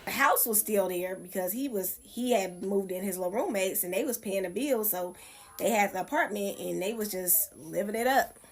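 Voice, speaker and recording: A woman's voice: mid-range voice, moderate pace. A woman casually recounting a personal story in a conversational way, shown as a clip in a reaction video.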